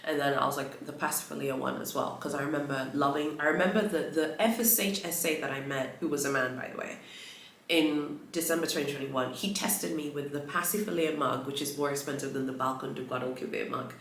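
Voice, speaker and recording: A woman's voice: low-pitched, brisk, a little hiss or hum. A woman vlogger telling a story in a chatty, rambling way, full of fillers and restarts. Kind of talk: casual storytelling vlog. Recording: roomy echo.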